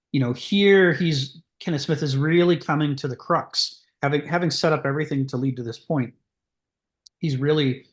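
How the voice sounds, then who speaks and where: A man's voice: medium pitch, reverberant. A man leading a group discussion, reading from a philosophy book and commenting on it in a discursive way, with many restarts. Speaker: discussion leader.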